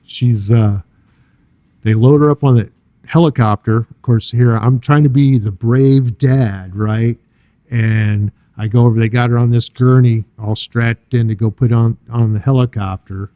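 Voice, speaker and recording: Older male church guest: earnest, halting testimony, warm low-key timbre. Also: steady tone, no echo. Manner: earnest, halting telling with many fillers and restarts. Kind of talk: personal storytelling interview.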